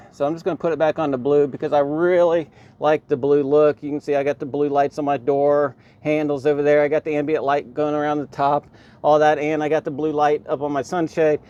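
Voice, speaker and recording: A man with a slightly higher voice, chatting his way through a how-to vlog from inside his car. He rambles along easily, dropping plenty of "um"s and pointing things out "right here" as he goes. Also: dull audio. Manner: rambling, relaxed, lots of ums and "right here". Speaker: car vlogger.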